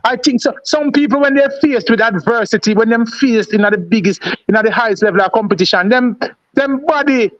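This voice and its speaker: A man's voice: very high voice, fairly quick, fairly bright tone. A man with a Jamaican accent co-hosting a casual sports live stream, asking things over and over. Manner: questioning, repetitive. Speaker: sports show co-host. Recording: muffled lo-fi audio.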